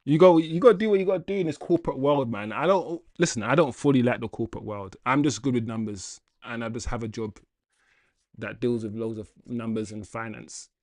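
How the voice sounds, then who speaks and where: A man's voice: medium pitch, brisk, dry recording. A man hosting a football livestream, chatting casually, reading viewer comments, and laughing often. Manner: animated and chatty, laughs often, addresses chat as guys. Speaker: football channel livestream host.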